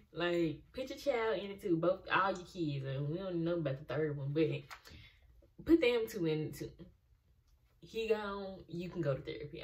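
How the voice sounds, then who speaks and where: A woman's voice: fairly low pitch, far from the mic. Exasperated young woman ranting about a show. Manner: animated, exasperated, talks back to the characters. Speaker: reaction video host. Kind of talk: casual TV reaction commentary.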